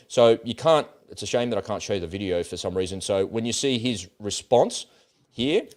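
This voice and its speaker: A man's voice: fairly low pitch, lively intonation, brisk, darkish tone. An Australian man hosting a political commentary livestream, talking bluntly in casual, ranting speech and swearing freely.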